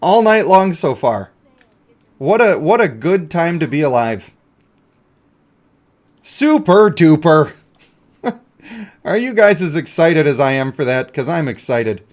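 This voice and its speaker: A male streamer chatting through a mobile game, joking and talking to himself and his viewers. His voice sits somewhat high for a man and stays relaxed and casual. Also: unhurried. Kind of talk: casual live-stream commentary.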